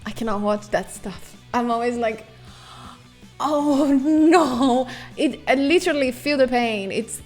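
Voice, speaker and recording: Animated woman streamer. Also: fairly high pitch, normal speed, hardly any pauses, faint music behind. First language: Portuguese. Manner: animated, swears freely, acts out sounds and screams. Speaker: live streamer. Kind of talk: casual storytelling to chat.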